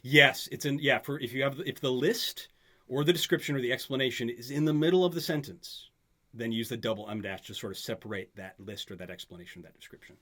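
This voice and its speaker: Speaking quickly in a mid-range voice with a slightly bright quality, a man works through grammar with a student in an easygoing exchange. He is patient and frequently makes sure she understands.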